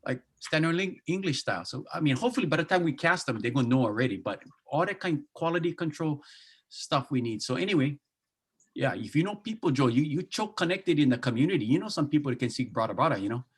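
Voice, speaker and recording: A man's voice: fairly high pitch, expressive, fast talker, husky. A man with a Hawaii Pidgin accent talking casually on a video call, easygoing and joking. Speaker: translation project speaker.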